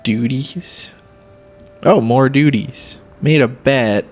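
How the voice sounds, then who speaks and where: A let's play host talks casually to himself while playing, rambling as he goes. His speech is slow and gravelly. Faint game music plays behind him. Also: mid-range voice, expressive.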